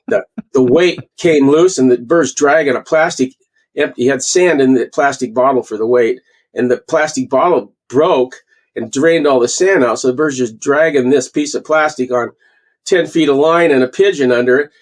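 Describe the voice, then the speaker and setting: A man in his sixties from Canada, a guest falconer telling animated stories in a casual interview and acting out the quotes. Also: medium pitch, moderate pace. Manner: animated storyteller, acts out quotes.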